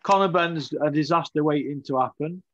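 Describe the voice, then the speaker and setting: A man holds forth as a boxing pundit in a relaxed interview. His voice sits a touch high, and he is blunt and outspoken, forever tagging on little questions to the listener. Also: brisk, dull audio. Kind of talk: casual opinionated interview.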